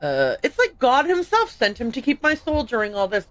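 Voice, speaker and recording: A woman's voice: on the high side, wildly swooping pitch, normal speed, slight background noise. A woman voicing a devout, kindly female cook and housekeeper, speaking politely with a put-on accent she admits is not very good. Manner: polite, deferential, says sir often.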